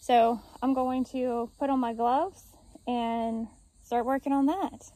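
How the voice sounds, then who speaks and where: A woman's voice: fairly high pitch, fairly even intonation, slow, dark tone, poor audio. A woman in a backyard garden, chatting to the camera as she explains each step of her work. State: out of breath at times. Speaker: gardening vlogger. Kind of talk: casual talk to camera while working.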